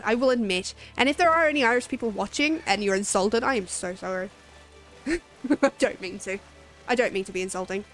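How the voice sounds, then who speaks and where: A woman streamer rambling in casual chat during a game stream, chatty and self-deprecating. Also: mid-range voice.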